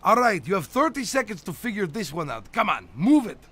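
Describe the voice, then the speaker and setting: A man's voice: high-pitched, big pitch swings, a little fast, a bit bright, full character voice. A man playing a boastful, teasing 212-year-old theme-park host who runs a comedic game show. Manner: brash, teasing, theatrical.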